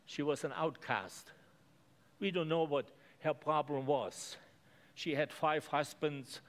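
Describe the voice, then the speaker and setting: A man's voice: fairly high pitch, slow pace. A man preaching a sermon in earnest, simple phrases, often repeating words for emphasis.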